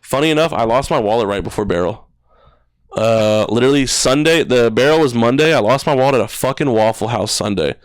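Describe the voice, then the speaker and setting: A young man in his twenties tells a personal story on a podcast, in loose slang and heavy swearing. His voice is smooth and clear at a middle pitch. It is recorded close and dry in a studio. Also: animated, a little fast, no room sound. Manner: casual, swears a lot, says "bro" and "dude". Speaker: podcast guest. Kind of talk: emotional storytelling.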